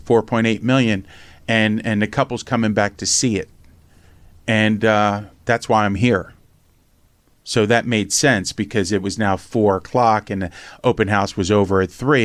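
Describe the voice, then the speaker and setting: A man telling a lively personal story in casual conversation, acting out other people's lines and swearing casually. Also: lowish voice, moderate pace, no echo. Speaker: podcast host and memoir author.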